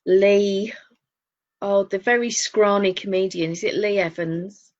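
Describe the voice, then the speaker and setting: A woman's voice: medium pitch, steady tone, unhurried, a little mellow. Northern english lady chatting on a knitting podcast, laughs a lot, dull lo-fi sound. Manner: chatty storyteller, laughs often. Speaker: podcast co-host. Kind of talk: casual chat.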